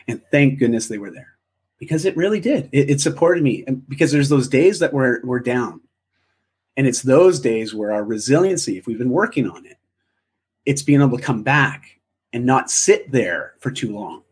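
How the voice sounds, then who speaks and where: A man's voice: mid-range voice, expressive, normal speed, husky. A man being interviewed, speaking in a reflective, encouraging way with frequent restarts. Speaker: interview guest. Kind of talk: casual interview chat.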